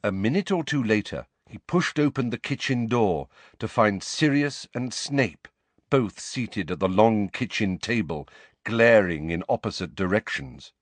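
A man's voice: fairly low pitch, animated, measured pace, no echo. A man reading an audiobook in scripted narration, voicing each character.

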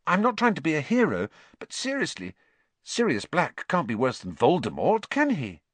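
A man voicing an earnest teenage boy wizard, pitching his voice a little higher. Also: huge pitch swings, normal speed, fairly bright tone, no room sound, heavily acted.

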